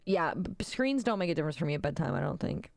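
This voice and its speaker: A woman hosting a casual livestream, talking bluntly with lots of swearing and quick reactions. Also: sits low, huge pitch swings, gravelly, no echo. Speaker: livestream host.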